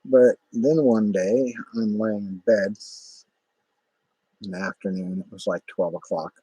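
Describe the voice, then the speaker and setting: Man, low husky voice, rambling profane storyteller, dry close sound. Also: fairly even intonation, unhurried, dark tone, dry recording, low-quality recording. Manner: rambling, profane, many fillers. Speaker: vlogger. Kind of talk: casual spoken storytelling.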